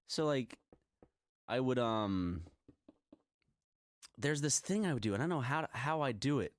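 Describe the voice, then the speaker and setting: A man's voice: mid-range voice, dry recording. A man with a mid-range voice rambles and jokes in a casual chat. The recording is close and dry, with no room sound. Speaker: co-host. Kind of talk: casual chat while gaming.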